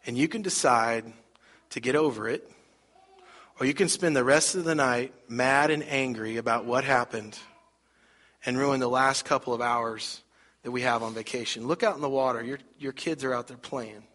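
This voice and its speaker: A man voicing his wife as a calm, firm woman who speaks quietly and steadily. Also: mid-range voice, normal speed, natural voice.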